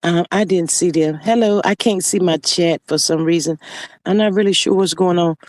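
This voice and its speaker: A high-pitched man chats on a live stream, sassy and drawn-out, calling his viewers honey and child as he reads their comments. He talks into his phone, and the sound is close and dry, with no room echo. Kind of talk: casual live-stream chat, reading comments aloud.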